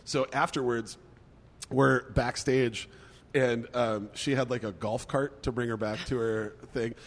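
A man's voice: mid-range voice, steady tone, a little slow, big-room sound. A man telling a story in casual chat, hesitant with many fillers before he picks up speed. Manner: hesitant, lots of uh and um, then speeds up.

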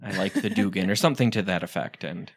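Woman, podcast host, casual chat, upbeat, very low voice, dry recording. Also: quick pace, husky, no echo. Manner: upbeat, runs the segments.

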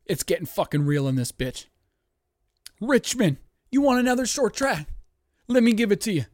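A man hosting a sports-betting podcast from home, hyped and profane, breaking into yelling on a close mic. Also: high voice, animated, moderate pace, long pauses, no room sound. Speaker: podcast host. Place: home studio, dogs nearby.

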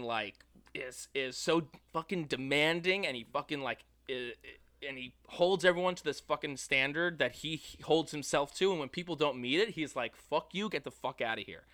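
A man's voice: on the high side, sharp tone, dry recording. A man co-hosting a podcast, chatting casually and profanely about racing, acting out quotes in voices. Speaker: podcast co-host. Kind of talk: casual sports chat.

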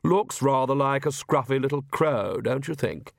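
Vlad, a man doing a silky young vampire gentleman. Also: medium pitch, animated, moderate pace, creaky, no echo, clean studio sound. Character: suave young male vampire nobleman, smooth and courteous.

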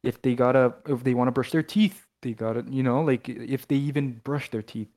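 This young Canadian man co-hosts a podcast, and his mid-range voice is a little fast and a little mellow. The casual chat is loose and rambling, with frequent swearing and lots of restarts.

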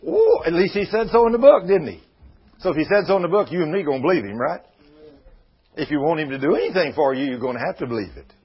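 A man's voice: on the high side, very animated, fast talker, slightly rough. A man preaching a sermon in a folksy, conversational way, retelling Bible scenes. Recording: muffled lo-fi radio broadcast.

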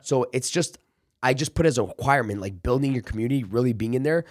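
A man's voice: medium pitch, fast, no room sound, studio quality. A man talking as a sales trainer in a casual podcast interview, emphatic and coaching, acting out pep talks. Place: office.

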